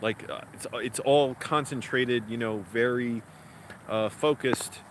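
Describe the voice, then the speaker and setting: Chatty male vlogger, mid-pitch, rambling with fillers, clear city noise around him. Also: fairly even intonation, a little slow, fairly bright tone. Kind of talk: casual vlog talk. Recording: outdoor street noise behind.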